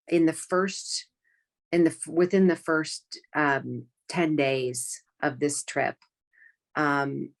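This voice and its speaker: A low-pitched woman with a gravelly edge tells a personal story in conversation. She talks in an earnest, halting way, restarting sentences and filling gaps with small pauses. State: close to tears. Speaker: guest.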